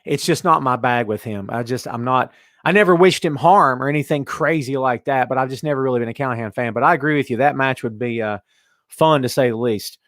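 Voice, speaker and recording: Animated man hosting a wrestling show. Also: mid-range voice, fairly quick, dry recording, studio quality. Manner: animated, reads out chat comments. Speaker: podcast host. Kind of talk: casual wrestling talk show.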